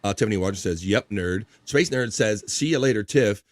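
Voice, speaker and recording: A man's voice: lowish voice, a little fast, no room sound, clean studio sound. A man hosting a livestream, chatting upbeat with guests and reading out viewer messages with thanks. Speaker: livestream host. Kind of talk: casual chat, reading chat messages.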